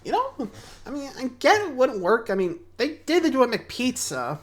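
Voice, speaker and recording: A man hosts a reaction, dropping chatty asides between clips. He talks in casual commentary, and his pitch bounces around a lot. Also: wildly swooping pitch. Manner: chatty, quick asides and interjections. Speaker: reaction host.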